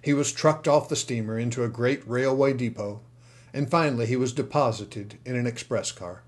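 A man reads a storybook aloud in a steady, expressive way. His voice sits in an ordinary middle pitch for a man. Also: moderate pace. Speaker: audiobook narrator. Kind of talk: scripted narration.

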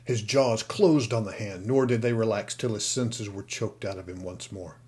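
A man narrating an audiobook in a steady, expressive storytelling manner. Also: lowish voice, moderate pace. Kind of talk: scripted narration.

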